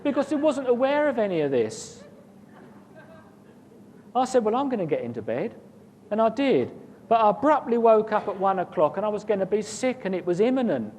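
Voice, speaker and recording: A man's voice: sing-song, brisk, long pauses, a little mellow. A man telling a personal story in a casual, rambling way, often repeating words and chuckling. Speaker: guest recounting an experience. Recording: long reverb, faint rumble.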